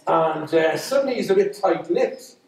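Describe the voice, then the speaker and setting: Irish storyteller in an echoey hall. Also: male voice, on the high side, lively intonation, normal speed, a little mellow. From Ireland. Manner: chatty, with asides to the audience. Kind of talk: live folk-tale storytelling. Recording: echoey hall, speaker far from mic.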